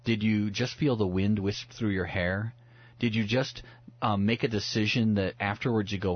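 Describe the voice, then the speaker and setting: A man's voice: fairly low pitch, steady tone, normal speed, no echo, highs cut off. A man speaking as a pastor guest on a radio talk show, earnest and reflective, often restarting his words as he thinks aloud. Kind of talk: radio talk about the Bible.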